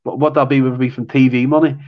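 Male podcast co-host, fired-up ranter, middle pitch, muffled lo-fi audio. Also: little pitch movement, quick pace. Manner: passionate, ranting, repeats himself. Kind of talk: casual football chat.

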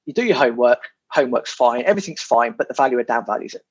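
Fast and expressive, the man's medium-pitched voice has a slight roughness as he chats on a podcast about property. It's a casual, animated interview peppered with occasional swearing and repeated words, recorded in dull lo-fi.

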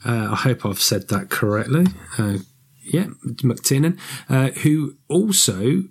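A man's voice: mid-range voice, unhurried, vocal fry, slightly rough. A man co-hosting a podcast, chatting casually about a book and its film, rambling and correcting himself. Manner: rambling, self-correcting, animated. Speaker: podcast co-host.

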